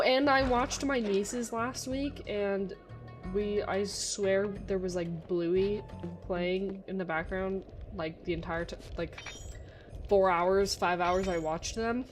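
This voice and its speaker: A young woman streaming a game, chatting casually and rambling with lots of fillers and restarts. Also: medium pitch. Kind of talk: casual gameplay chat. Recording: music playing behind the voice.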